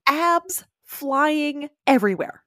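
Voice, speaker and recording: A woman's voice: high voice, lively intonation, slow, fairly bright tone, no echo, clean studio sound. A woman co-hosting a podcast, recapping a TV episode in casual chat, playful and laughing often as she acts out quotes. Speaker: podcast co-host.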